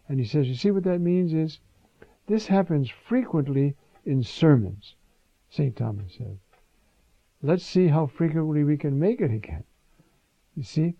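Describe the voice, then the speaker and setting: A man preaching a sermon in an animated way, full of rhetorical questions and asides. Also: fairly high pitch, no echo. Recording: dull lo-fi recording.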